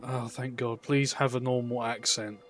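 A man's voice: medium pitch, little pitch movement, normal speed, fairly bright tone, faint music behind. A man streaming a video game live, making sarcastic, joking remarks over the game's dialogue. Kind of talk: live gameplay commentary.

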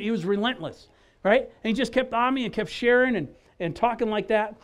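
A man from Wisconsin giving his personal testimony in an animated storytelling style, acting out dialogue and restarting his phrases often. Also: sits high, a little fast. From Wisconsin, USA.

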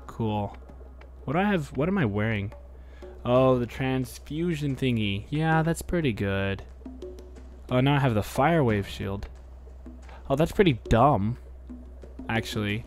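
A man giving goofy, rambling commentary while playing a video game, his voice worn out from a day of talking, keeping it down because people are asleep and joking at the enemies on screen. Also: medium pitch. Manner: rambling, jokey, talks back at game enemies. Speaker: let's play commentator.

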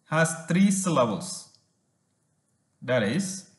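A man giving a language lesson, reading slowly and sounding out words syllable by syllable. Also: medium pitch, lively intonation, roomy sound. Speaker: language teacher.

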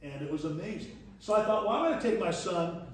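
Folksy preacher in an echoey hall. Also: male voice, high voice, animated, fast, slight background noise. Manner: folksy, chuckling storyteller voicing dialogue. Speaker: pastor teaching leadership. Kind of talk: storytelling sermon lesson. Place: church hall. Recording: echoey distant church room recording.

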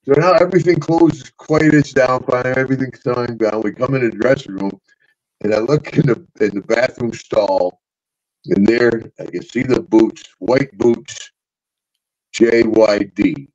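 Lo-fi animated older storyteller man. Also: medium pitch, measured pace. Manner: animated yarn-spinner, laughs through stories, acts out voices. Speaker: podcast host, former pro wrestler. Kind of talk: casual storytelling chat. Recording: dull lo-fi audio.

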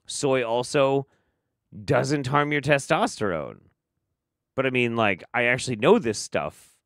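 A man hosting a sarcastic commentary show, reacting to clips with profane mockery and sudden loud outbursts. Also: mid-range voice, measured pace, no room sound, studio quality. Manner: profane, mocking, swings between muttering and loud outbursts.

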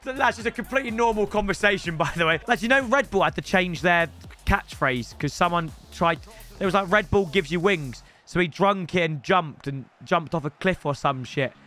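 A young man commentating on his own gameplay, excitable and prone to shouting outbursts, addressing viewers as lads. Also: high-pitched, normal speed, soft background music. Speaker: gaming YouTuber.

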